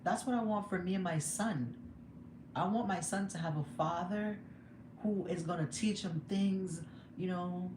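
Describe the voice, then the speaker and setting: A woman's voice: fairly low pitch, a little slow. Candid woman venting in an echoey room. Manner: emotional, candid, laughs often. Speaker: vlogger. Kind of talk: casual livestream chat. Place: home room. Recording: echoey room with background noise.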